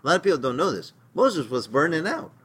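A man's voice: a little high, sing-song, fast, a bit bright, slightly rough. A male pastor giving a casual, conversational sermon in plain, slangy words, acting out the voices he quotes as he tells the story.

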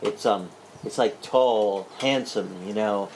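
A man preaching a sermon, telling the story in a lively, joking way, with frequent restarts. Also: on the low side, slow, slight background noise, low-quality recording. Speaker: pastor.

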